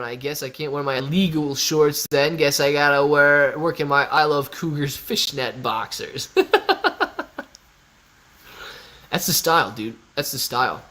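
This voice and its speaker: A young man from Ohio chats casually on a live stream, his voice pitched a little above the usual male range. He reads viewer comments aloud and riffs on them in an easygoing, bro-ish way, close to a desk mic. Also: pushed and bright. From Ohio, USA. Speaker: livestream host answering chat.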